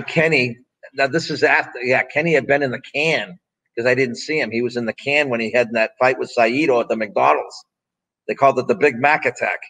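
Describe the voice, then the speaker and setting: A man's voice: mid-range voice, fairly bright tone, rough recording. Blunt, profane man in his sixties. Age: 60s. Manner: blunt, profane, rambling anecdotes. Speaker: interview guest, former strongman and pro wrestler. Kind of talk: casual storytelling interview.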